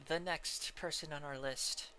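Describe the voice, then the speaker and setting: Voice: medium pitch, steady tone, unhurried, pushed and bright, soft background music. A streamer chatting casually while ranking characters, laughing often and trailing off mid-sentence. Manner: giggly, rambling, trails off and restarts.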